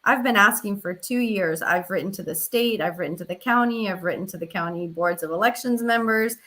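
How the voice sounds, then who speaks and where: In an interview, a woman who advocates for election observation earnestly tells her story, recounting events with quoted dialogue. Her mid-range voice is a bit bright and fairly quick.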